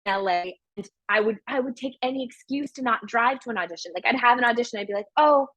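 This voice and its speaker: A woman's voice: a little high, fast talker, fairly bright tone, rough recording. A woman co-hosting a podcast in casual chat, talking in a chatty, self-reflective way and laughing easily. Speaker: podcast co-host.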